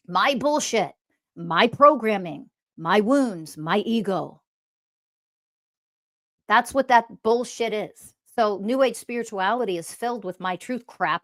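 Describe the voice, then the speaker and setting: A woman speaking as a spiritual teacher in a blunt, scolding monologue, swearing often. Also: mid-range voice. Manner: mocks others in quoted voices.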